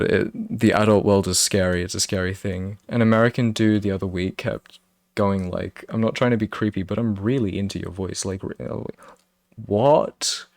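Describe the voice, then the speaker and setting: A man's voice: fairly low pitch, gravelly, a little mellow, no echo. A young man with a British accent, a streamer chatting casually and rambling with his viewers. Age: young adult. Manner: rambling, self-interrupting, laughs often.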